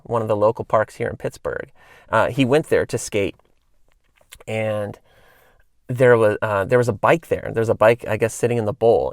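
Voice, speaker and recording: Gravelly man in his thirties. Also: mid-range voice, no echo, studio quality. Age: 30s. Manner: rambling, tangents, many fillers and restarts. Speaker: podcast host. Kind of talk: casual solo storytelling.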